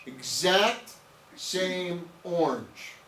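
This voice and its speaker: A man's voice: sits high, lively intonation, extremely slow, bright, forceful tone. A man giving a nutrition training to a small group, emphatic and repetitive, often checking in with "okay?". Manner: emphatic, repeats words and asks "okay?". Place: room with an audience. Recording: echoey room, distant mic, faint noise.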